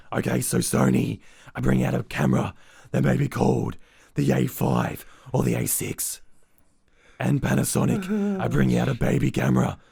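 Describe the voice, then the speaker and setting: Gravelly, husky superhero growl, put on by a man for a joke bit, dark and dry. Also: mid-range voice, no echo, heavily acted. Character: gravelly growling Batman impression, adult man. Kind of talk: comic impression in a casual chat.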